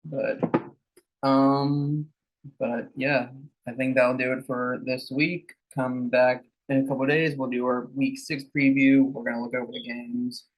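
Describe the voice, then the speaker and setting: A man co-hosting a sports podcast in casual chat, who is losing his voice and talks in a quick, flat way. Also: mid-range voice, low-quality recording. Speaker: podcast co-host.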